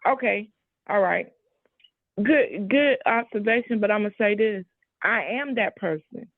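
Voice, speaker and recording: A woman's voice: medium pitch, a little slow, dry recording, narrow, tinny audio. A woman on a discussion panel, arguing emphatically and talking over the others. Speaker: panel guest.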